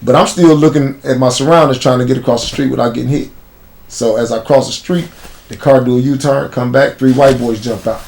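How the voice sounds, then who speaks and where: Chicago man, mid-pitched voice, blunt street-slang storyteller for an interview guest spot. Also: fairly even intonation, fairly quick, creaky, a little mellow. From United States.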